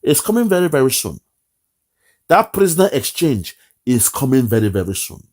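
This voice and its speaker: A man's voice: medium pitch, sing-song, moderate pace, a little mellow. A man giving an impassioned political monologue, repeating phrases and slipping into pidgin. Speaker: political commentator.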